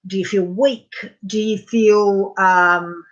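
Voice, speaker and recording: A woman leading a guided tapping session, chatting informally and then saying gentle, repetitive statements for listeners to echo. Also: mid-range voice, steady tone, slow, highs cut off. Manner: chatty and informal, with frequent fillers. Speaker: EFT tapping practitioner.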